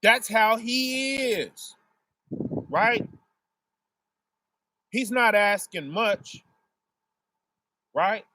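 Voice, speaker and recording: A man's voice: high-pitched, animated, extremely slow, long pauses, bright, forceful tone, slight background noise. A man giving a casual sermon, explaining through everyday family examples and asking "right?" after nearly every phrase. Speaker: preacher.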